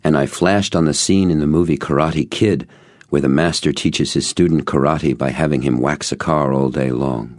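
A man's voice: very deep voice, normal speed, no echo, studio quality. A man narrating a first-person story as an audiobook, in a storytelling manner. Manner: storytelling, animated dialogue reading.

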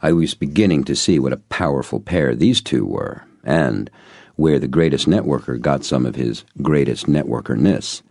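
A man's voice: rumbling low, moderate pace, a little mellow, no room sound, studio quality. A man narrating a first-person audiobook in an earnest, reflective way.

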